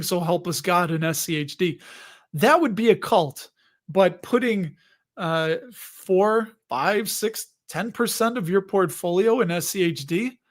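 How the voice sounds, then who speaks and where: A man in his forties hosting a casual livestream, chatting and joking while answering viewer questions. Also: high voice. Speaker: host of investing livestream.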